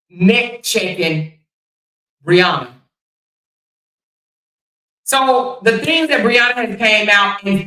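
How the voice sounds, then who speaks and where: A woman's voice: mid-range voice, sharp tone, recorded from a distance. A woman hosting a casual commentary livestream, talking bluntly and profanely and firing rhetorical questions at her viewers. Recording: echoey room, voice somewhat off mic.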